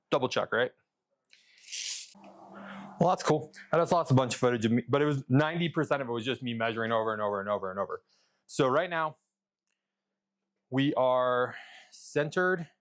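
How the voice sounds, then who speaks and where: A man in a workshop vlog talks the viewer through his fabrication work in a loose, rambling way. His pitch sits in an ordinary middle range, and he mutters and curses under his breath as he goes. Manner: loose and rambling, talks to camera while measuring; mutters and swears to himself mid-task. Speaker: custom truck fabricator.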